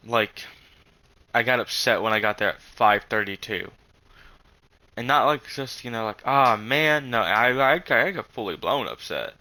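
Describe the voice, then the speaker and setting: A young man telling a rambling story in casual chat, halting with many fillers and frequent swearing. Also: lowish voice, pushed and bright, poor audio.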